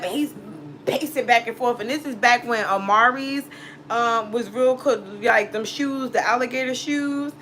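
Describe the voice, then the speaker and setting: A woman's voice: a little high, fairly bright tone, a little hiss or hum. A woman who reads tarot, telling a personal story casually in a blunt, profane way, laughing often. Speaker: tarot reader.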